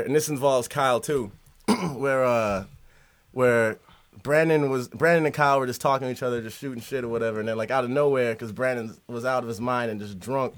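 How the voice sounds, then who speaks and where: A man co-hosting a casual podcast, telling a story in an animated way and laughing through it. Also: mid-range voice. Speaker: podcast co-host. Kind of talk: casual chat. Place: hot cellar studio.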